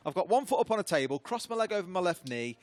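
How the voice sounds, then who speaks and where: A man's voice: high-pitched, very animated, a little mellow, no room sound. A man, an esports caster who teases his partner and laughs easily. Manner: playful, teasing, quick to laugh. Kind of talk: casual co-caster banter.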